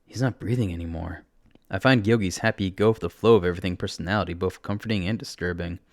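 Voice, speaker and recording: A man reading a first-person fantasy story aloud in a steady, plain storytelling manner on a close mic. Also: low-pitched, fast talker, no room sound. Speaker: narrator.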